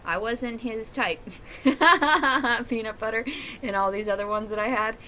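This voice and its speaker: A woman's voice: medium pitch, steady tone, a little fast, a bit bright, a little hiss or hum. A woman talking to camera at home in a rambling, profane, confessional monologue. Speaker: vlogger. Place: at home, indoors.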